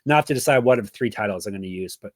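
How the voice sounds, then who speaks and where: A man's voice: on the low side, lively intonation, racing, dry recording. Male podcast host, casual and chatty, jokey sign-off energy, dry mic. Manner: chatty, joking, plugs links.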